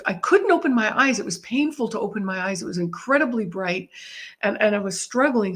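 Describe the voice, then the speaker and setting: Woman vividly telling a personal story. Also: mid-range voice. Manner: vivid, animated storytelling with laughter. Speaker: guest. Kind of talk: storytelling in an interview.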